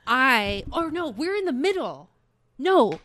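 A young woman telling a story in casual chat, animated and swearing, acting out what people said. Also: high voice, slow.

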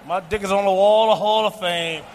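A man in his forties doing a profane, boastful stand-up routine on stage, shouting his punchlines. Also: high-pitched, normal speed. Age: 40s. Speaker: stand-up comedian. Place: comedy stage before a live audience. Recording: live hall recording with faint noise.

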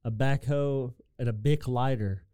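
Co-host, male, mellow smooth voice, chatty, agreeable. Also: mid-range voice, steady tone, measured pace, no echo. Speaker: podcast co-host. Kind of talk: casual episode recap chat.

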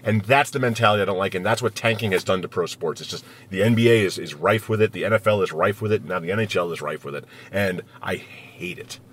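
A man's voice: deep voice, fast, few pauses, a bit bright, a little hiss or hum. A man co-hosting a casual sports podcast as a hockey reporter, emphatic and opinionated, talking from a parked vehicle outside an arena.

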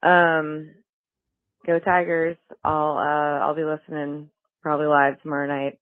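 A woman's voice: deep voice, little pitch movement, a little slow, smooth, no echo. A woman leaving a voicemail for a sports podcast, hesitant and full of ums. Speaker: voicemail caller. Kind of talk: voicemail message. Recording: tinny phone line.

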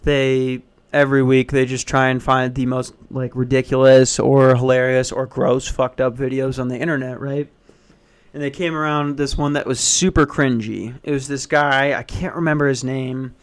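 A man's voice: mid-range voice, level tone, normal speed, clear, resonant tone. A man hosting a solo podcast, talking in a blunt, profane, self-deprecating casual rant. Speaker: podcast host.

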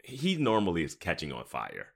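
Man, very low voice, animated pitch, casual podcast chat, easygoing. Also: normal speed, creaky. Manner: easygoing, laughs often, hedges with "like". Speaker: podcast co-host.

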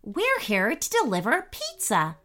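A woman's voice: fairly high pitch, wildly swooping pitch, a little slow, a bit bright, a little hiss or hum, pitched above the performer's own voice, full character voice. A woman voicing a plain-spoken, matter-of-fact young boy in a storybook.

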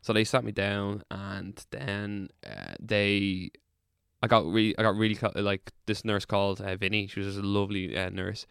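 A man's voice: lowish voice, steady tone, normal speed, vocal fry, fairly bright tone, smooth, no room sound, clean studio sound. A young man with an Irish accent telling a long hospital story in casual chat, rambling, swearing freely, and laughing through it.

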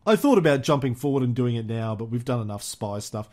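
A man's voice: medium pitch, animated, fast talker, a little mellow. A man hosting a history podcast, telling the story in a chatty, casual way with frequent fillers and easy laughs. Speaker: podcast host.

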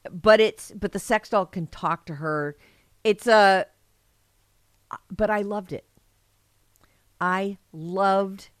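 A woman's voice: mid-range voice, dry recording. Woman podcast host, gushing and rambling, casual crude banter, dry close mic. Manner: enthusiastic, rambling, laughs often. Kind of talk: casual crude comedic chat.

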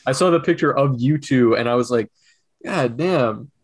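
A man's voice: mid-range voice, quick pace, dry recording. Rambling young man podcast co-host. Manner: rambling, restarts, laughs often, swears. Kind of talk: casual chat.

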